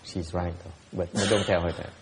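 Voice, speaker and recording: A man's voice: sits low, fairly even intonation, fairly quick, big-room sound, background noise. A man giving a Dharma talk as a Buddhist teacher, answering questions bluntly and teasingly, often laughing and repeating words.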